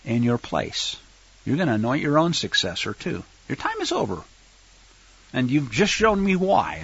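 A man teaching a sermon with scripture reading, animated and emphatic, swinging from loud stresses to quiet asides. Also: medium pitch, slightly rough, no echo, muffled recording. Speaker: Bible teacher.

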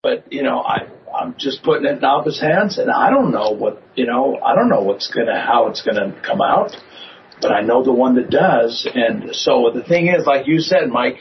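A man speaks haltingly in a faith discussion, circling back and restarting, then building up earnestly. The audio is dull and carries a faint background hiss. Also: medium pitch, lively intonation.

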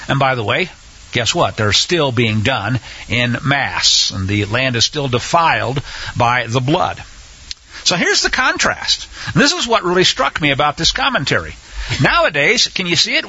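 A man's voice: sits high, pushed and bright, breathy edge, lo-fi sound. A man teaching the Bible on the radio in an impassioned, conversational way, full of asides. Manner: impassioned, indignant preaching with asides.

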